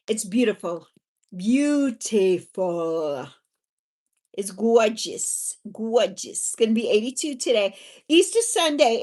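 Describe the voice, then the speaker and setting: A woman hosting a casual livestream, chatting with viewers in a bubbly, sing-song way and drawing out her words. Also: on the high side. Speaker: livestream host.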